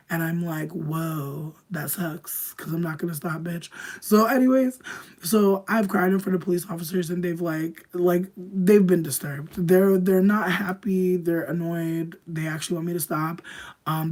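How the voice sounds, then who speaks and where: A young adult woman spinning a rambling personal story for her livestream viewers. Her talk is loose, profane and full of slang, with "like" in nearly every line. She drops into hushed asides, then flares up loud. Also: fairly low pitch, measured pace. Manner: swings between hushed asides and loud outbursts. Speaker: streamer.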